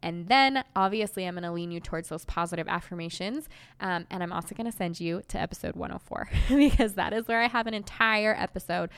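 A woman's voice: fairly low pitch, brisk, a bit bright, clean tone. A young woman hosting a solo podcast, talking in a reassuring, conversational way with plenty of ums and likes. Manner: conversational, reassuring, filler-heavy. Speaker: podcast host.

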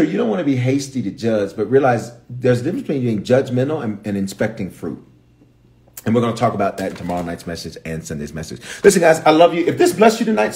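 A man with a Memphis accent, a bishop teaching the Bible on a livestream, telling the story with animated voices for the characters. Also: mid-range voice, slight background noise.

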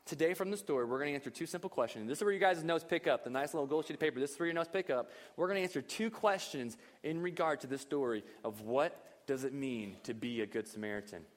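A man preaching a lively, conversational sermon at a church service, full of rhetorical questions. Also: mid-range voice, quick pace, hardly any pauses, in a large hall. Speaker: pastor.

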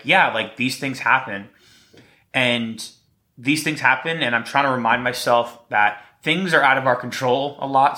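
With a medium-pitched, sharp-toned voice, a man talks alone on his podcast. He tells stories casually, light-hearted and rambling, and has a slight lisp.

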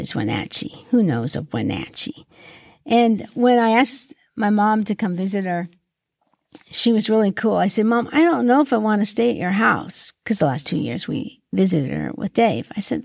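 A middle-aged woman hosting a reflective Christian podcast, asking gentle questions in an earnest way, sometimes choked up with grief. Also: mid-range voice, creaky, slightly rough, dry recording, clean studio sound. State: grieving, occasionally choked up. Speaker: podcast host and Christian mentor. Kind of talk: reflective solo podcast monologue.

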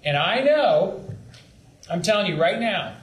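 Young male youth leader, earnest and pleading, high voice, roomy echo. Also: lively intonation, measured pace. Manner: earnest, pleading, with acted-out asides. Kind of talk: training talk to camp leaders. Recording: echoey room with faint background noise.

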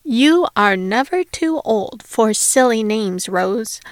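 A woman's voice: a little high, animated, slow pace, no room sound, studio quality. A woman reading as a welcoming widowed father. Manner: warm, welcoming, hospitable. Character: kindly middle-aged male homeowner, a widower.

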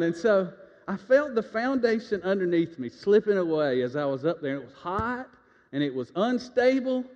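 In a church sanctuary, a man with a high-pitched, expressive, slightly mellow voice preaches at normal speed. He tells a folksy personal story and leads the congregation in call-and-response, recorded with a reverberant, dull lo-fi sound.

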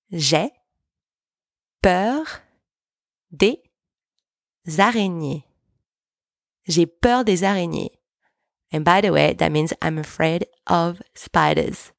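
Slow, careful woman teaching language. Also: medium pitch, gravelly, dry recording, clean studio sound. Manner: slow, careful, repeats French words for practice. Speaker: French teacher, podcast host. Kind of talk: language lesson podcast.

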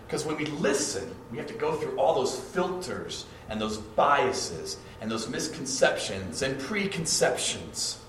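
A man's voice: fairly high pitch, big pitch swings, moderate pace, a bit bright, a little hiss or hum. A man preaching a sermon in a conversational way, acting out short quoted exchanges, heard from a distance in an echoey hall. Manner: conversational, acts out quoted couples. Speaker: pastor.

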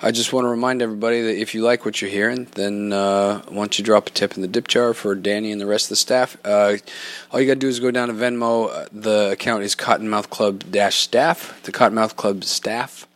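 A man's voice: lowish voice, fairly even intonation, fast. A man hosting a bar podcast, chatting casually with friendly rambling and frequent restarts. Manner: friendly, rambling, repeats himself. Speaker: podcast host and bartender. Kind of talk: casual podcast intro and chat.

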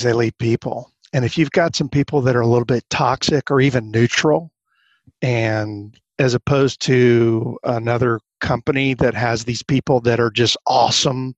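A man with a gravelly, husky voice tells anecdotes as a guest, slipping into the voices of the people he quotes. The sound is dry and a little dull, with no room around it. His pitch sits in the middle range. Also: no room sound. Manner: animated anecdotes, acts out quoted lines. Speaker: guest consultant. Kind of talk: storytelling in a podcast interview.

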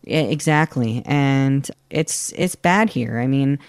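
A man in his thirties from Florida, telling his own story in an interview with a candid, halting manner. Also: mid-range voice, smooth. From Florida, United States. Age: 30s. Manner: candid, halting, with many restarts and fillers. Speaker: guest. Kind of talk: personal interview.

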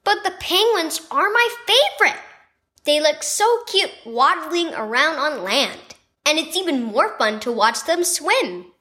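Woman putting on a young girl, high lively voice, eager chirpy storybook character. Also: unhurried, heavily acted. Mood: excited. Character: cheerful young girl on a school trip.

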